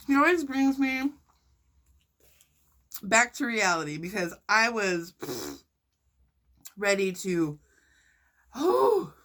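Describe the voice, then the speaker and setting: A young woman vlogger telling a story to her viewers in a casual, animated and indignant way. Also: medium pitch. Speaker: mukbang vlogger.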